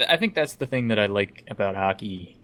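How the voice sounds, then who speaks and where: A fairly low-pitched man talking through sports rules in a relaxed podcast chat. He rambles a bit and leans on "like" as he explains, laid-back and conversational. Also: a little fast. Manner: explains hockey rules at length, many "like" fillers. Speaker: podcast co-host.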